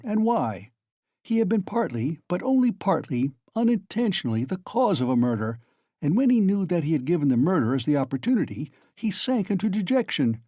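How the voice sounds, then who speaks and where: A man's voice: high-pitched, dark tone, no echo, clean studio sound, exaggerated voice. A man reading aloud and voicing a sly, genial male magistrate who coaxes and teases with mock friendliness. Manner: coaxing, insinuating, mock-friendly.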